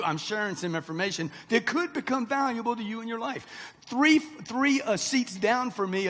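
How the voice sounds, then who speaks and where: In a large event hall with long reverb, a man in his sixties gives a brash, punchy motivational speech directly to a live crowd. His high voice is pushed and bright.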